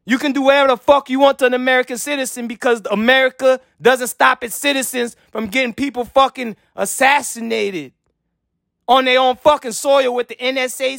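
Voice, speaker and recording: A man's voice: very high-pitched, creaky, a bit bright, no echo, clean studio sound. A man from Haiti delivering a heated, profane political rant to his viewers. He is blunt and repeats himself as he talks. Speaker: vlogger.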